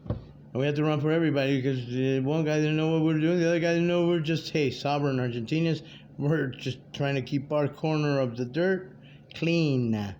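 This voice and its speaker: A man's voice: on the high side, brisk, a little mellow. A man in his fifties giving a rambling, profane, streetwise monologue to his viewers. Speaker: vlogger addressing viewers. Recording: dull lo-fi audio with faint background noise.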